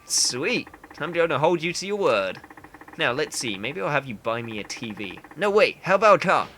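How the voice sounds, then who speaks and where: A man's voice: fairly high pitch, big pitch swings, normal speed, sharp tone, a little hiss or hum. A man voicing a cocky, teasing young student in a video game, speaking in a cheeky manner. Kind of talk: reading game dialogue aloud.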